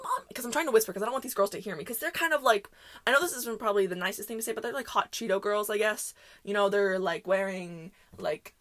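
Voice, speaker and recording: A woman's voice: medium pitch, fairly bright tone. A young woman hosting a podcast, telling a story in a rambling, chatty way full of fillers. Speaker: podcast host. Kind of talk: casual storytelling monologue.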